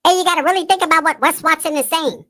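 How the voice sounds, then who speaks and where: A man doing an impression of a high-voiced, preachy man who lectures condescendingly. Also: steady tone, very fast, pushed and bright.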